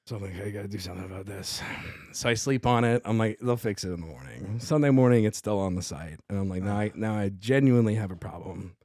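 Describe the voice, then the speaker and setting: A man's voice: lowish voice, lively intonation, fast talker, few pauses, a little mellow, no room sound, studio quality. A middle-aged man with a New York accent, a comedian guest telling a story in casual podcast chat, acting out both sides of the dialogue. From Staten Island, New York.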